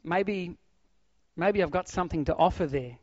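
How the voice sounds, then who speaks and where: A middle-aged pastor with a slightly high voice preaches with lively swings between loud bursts and hushed near-whispers. The sound is dry and close with no room around it, and a bit dull and lo-fi. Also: male voice, moderate pace, no echo. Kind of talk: sermon.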